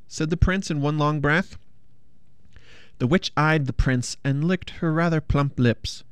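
A storyteller reading a funny fairy-tale picture book aloud in a playful, expressive way. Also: mid-range voice, measured pace, no echo, clean studio sound.

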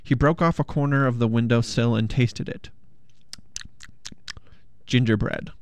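A storyteller reading a funny fairy-tale picture book aloud in a playful, expressive way. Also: medium pitch, measured pace, clean tone, no echo.

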